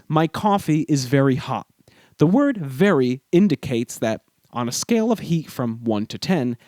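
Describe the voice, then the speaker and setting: A man hosting an educational podcast, giving scripted narration in a measured, explanatory way and leaning on key words. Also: mid-range voice, darkish tone, no echo, studio quality. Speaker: podcast host.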